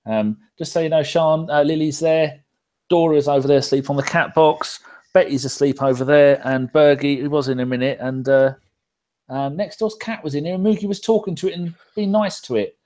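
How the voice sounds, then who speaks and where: A man's voice: fairly high pitch, normal speed, darkish tone. A laid-back man hosts a live podcast stream and reads out viewer comments as he goes. He chats loosely and swears freely between the comments. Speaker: podcast host reading chat. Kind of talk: casual live-stream chat.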